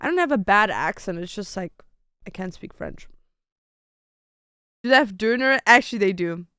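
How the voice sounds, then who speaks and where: A woman's voice: mid-range voice, lively intonation, moderate pace, fairly bright tone, clear, resonant tone, no room sound, clean studio sound. A young woman streamer chatting casually with her viewers, thinking aloud and swearing now and then as she picks food to order.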